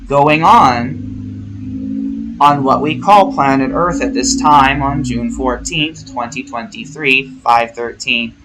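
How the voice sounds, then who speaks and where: Male vlogger, mid-pitch, rambling and theatrical, swears freely. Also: slow pace, fairly bright tone, a little hiss or hum, poor audio. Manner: rambling, profane, theatrical, jokey. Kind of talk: casual spiritual monologue.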